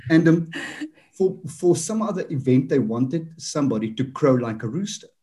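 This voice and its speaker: This Afrikaans-speaking host from Johannesburg, South Africa, has a mellow, rather high voice with a breathy edge, expressive and at a moderate pace. On his podcast he interviews a guest, chatting in a self-deprecating, storytelling style.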